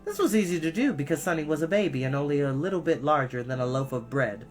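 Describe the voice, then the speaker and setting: A storyteller reading a children's book aloud, pausing to cough and apologize. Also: medium pitch, soft background music. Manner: expressive, with frequent coughs and apologies.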